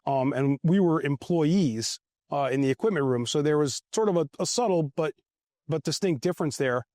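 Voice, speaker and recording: A man's voice: on the high side, darkish tone, no echo, clean studio sound. A man, a former football equipment manager, telling rambling, self-amused anecdotes in a casual interview. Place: outdoors at a golf event.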